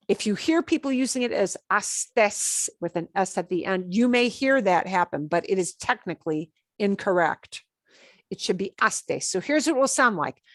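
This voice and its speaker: A woman's voice: fairly low pitch, no room sound, studio quality. A middle-aged woman teaching a beginners' Spanish class, chatty and encouraging, punching the stressed endings as she explains. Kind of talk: online language lesson.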